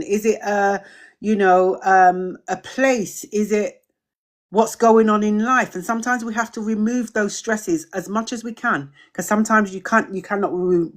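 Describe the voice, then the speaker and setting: A middle-aged woman hosting a live-streamed community drop-in, chatting casually, welcoming viewers and answering their questions with repeated phrases. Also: a little high.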